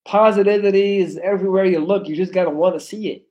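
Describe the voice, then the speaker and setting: A man in his thirties from Belgium with an American accent, chatting loudly and animatedly on a live stream, cussing freely. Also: high-pitched, steady tone, fast, lo-fi sound. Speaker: livestreamer. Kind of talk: casual live stream chat.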